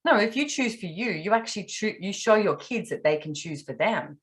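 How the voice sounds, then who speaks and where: An Australian woman in casual podcast conversation, telling animated stories and acting out what people said. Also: medium pitch, fairly quick. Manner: animated storyteller, acts out quotes. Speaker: podcast guest.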